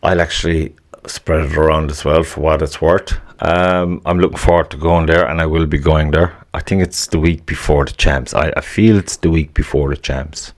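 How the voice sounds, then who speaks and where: A man's voice: extremely low pitch, fairly even intonation, moderate pace. A man hosting a casual solo podcast, swearing freely, rambling and grumbling with an annoyed edge. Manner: profane, rambling, laughs at own jokes. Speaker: podcast host.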